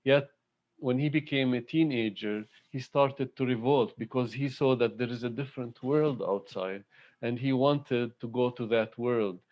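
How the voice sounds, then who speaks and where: A man speaks at an online devotional gathering, drawing out his words slowly and haltingly. His tone is heartfelt, with frequent pauses and fillers. The sound is dull and lo-fi, like audio from a video call. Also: medium pitch. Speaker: satsang speaker. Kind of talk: devotional talk.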